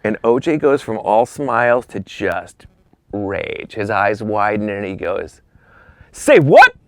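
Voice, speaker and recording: A man's voice: lowish voice, unhurried, dry recording. A man telling a long story as a podcast guest, acting out the other people's lines and dropping into whispers. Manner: acts out quoted voices, drops to whispers. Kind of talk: animated storytelling.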